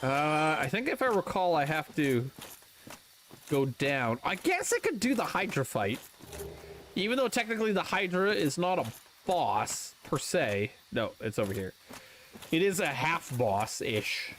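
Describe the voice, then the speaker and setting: A man's voice: a little high, very animated, unhurried, fairly bright tone, slight background noise. A man streaming a video game, thinking aloud and swearing casually as he plays. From North America. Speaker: gaming streamer. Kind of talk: casual gameplay commentary.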